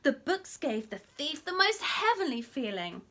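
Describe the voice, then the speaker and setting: Her voice sits high and unhurried as she reads a picture book to kids during library story time. She keeps it lively and frequently lowers to a whisper for side comments.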